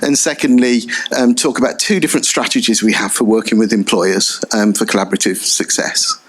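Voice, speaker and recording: A man in his fifties speaking on a conference panel, animated and digressive, often repeating words as he thinks. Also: lowish voice, a little fast, slightly rough. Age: 50s. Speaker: panelist, training provider. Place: conference hall stage.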